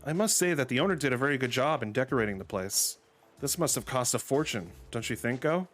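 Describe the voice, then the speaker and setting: A man's voice: medium pitch, lively intonation, brisk, fairly bright tone, faint music behind, close to an everyday voice. Man voicing a wary young woman. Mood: guarded.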